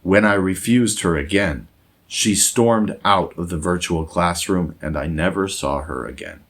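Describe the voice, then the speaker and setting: Casting: a man delivering slow, deep scripted narration, measured and moralizing. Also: a bit bright. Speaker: essayist and former English teacher.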